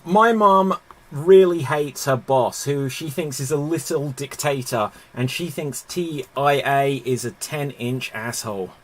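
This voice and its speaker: A man improv player firing off dark, blunt one-liners on a video call. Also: mid-range voice, unhurried, slight background noise.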